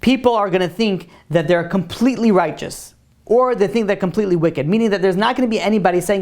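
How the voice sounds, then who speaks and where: A man's voice: sits high, quick pace, darkish tone. Informal male rabbi teaching a class. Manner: informal, conversational storyteller. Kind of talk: religious class lecture with questions and answers.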